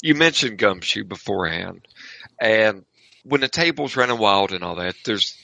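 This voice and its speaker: A man in an easygoing gaming discussion, talking in a rambling way full of fillers. His voice is gravelly and bright with a fairly low pitch. The sound is dry and close. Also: lively intonation, normal speed, no room sound, highs cut off. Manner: rambling, with frequent filler phrases. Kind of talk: casual tabletop gaming discussion.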